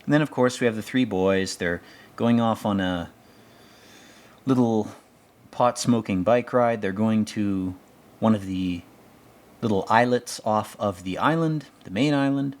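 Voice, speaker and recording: Low-voiced man in sardonic commentary. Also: unhurried. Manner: rambling, sardonic, profane. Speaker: show commentator. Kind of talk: casual commentary over a TV episode.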